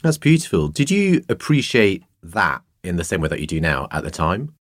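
A man's voice: deep voice, very animated, moderate pace, dry recording, studio quality. A male host interviewing a comedian, asking playfully probing questions with a wry tone. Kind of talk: casual podcast interview.

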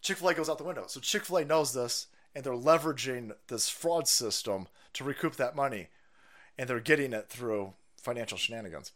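A man's voice: mid-range voice, a little fast. A man hosting a livestream, ranting profanely about politics and reading out chat messages, often repeating himself. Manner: foul-mouthed, animated, repeats himself, reads chat aloud. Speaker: livestream host.

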